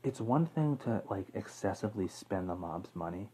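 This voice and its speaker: Man, low pitch, husky, casual vlog host, rambling, fillers. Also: lively intonation, moderate pace, mellow, poor audio. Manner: rambling, lots of fillers and self-corrections, chuckles. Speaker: YouTube true-crime host. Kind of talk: casual off-the-cuff talk to camera.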